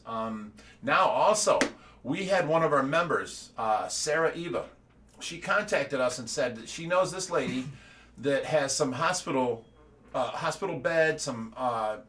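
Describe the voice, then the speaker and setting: A middle-aged American man who owns a fish rescue gives a casual livestream update in a mid-range, fairly bright voice. He rambles and repeats words, laughing between his stories.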